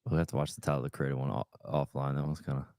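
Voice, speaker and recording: Male guest, very deep voice, casual off-the-cuff remarks. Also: flat delivery, rapid-fire, dark tone, no room sound, studio quality. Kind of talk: casual chat.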